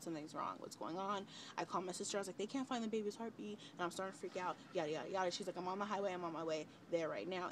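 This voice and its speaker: A young woman talks straight to her camera, telling a personal story in a loose, chatty way. She leans on fillers and acts out what people said. Steady background noise sits under her home-video recording. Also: on the low side. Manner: chatty, relaxed retelling with many fillers and quoted dialogue. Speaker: vlogger, mother of twins. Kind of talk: casual storytelling.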